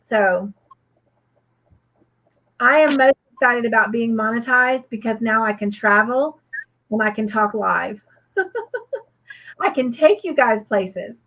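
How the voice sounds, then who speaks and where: Woman, livestream co-host, rambling and earnest, slightly high voice, dull lo-fi audio. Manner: rambling, many fillers and restarts; earnest and grateful. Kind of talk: casual livestream chat.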